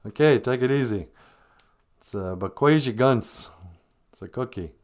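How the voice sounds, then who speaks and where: A man's voice: medium pitch, expressive, unhurried, long pauses, darkish tone. A man hosting a comedic podcast, talking in a casual, playful way. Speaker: podcast host.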